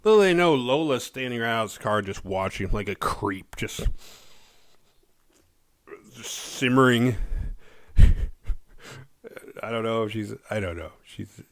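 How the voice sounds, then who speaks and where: A man in his forties hosting a horror movie review show, recapping a film in a rambling, offhand way and swearing freely. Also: on the low side.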